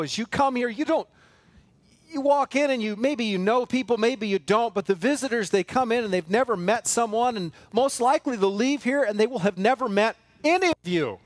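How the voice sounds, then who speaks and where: Man, pastor, sermon, high-pitched voice, dry close sound, emphatic repetition, rhetorical questions. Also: no echo. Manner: emphatic, builds with repeated phrases; earnest, asks many rhetorical questions. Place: church sanctuary.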